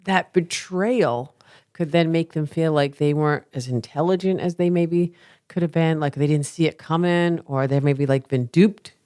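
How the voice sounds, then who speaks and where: A woman's voice: low voice, normal speed, warm tone, dry recording, studio quality. A woman co-hosting a podcast, speaking conversationally and chiming in with short replies. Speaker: podcast co-host. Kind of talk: casual podcast chat.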